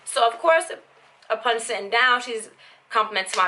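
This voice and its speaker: A young woman vlogger telling a story in a blunt, animated, casual way, with lots of "like". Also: fairly high pitch, normal speed, a little hiss or hum.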